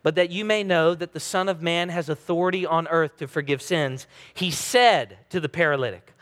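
A man's voice: on the high side, normal speed, hardly any pauses, a bit bright. A man in his thirties preaching a sermon as pastor, earnest and emphatic. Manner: earnest, emphatic preaching with dramatic quoted voices. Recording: long reverb of a large hall.

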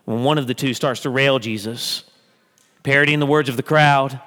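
A man's voice: mid-range voice, normal speed, fairly bright tone. Earnest preacher man in a reverberant hall. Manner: earnest, rising to emphatic peaks. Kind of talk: sermon.

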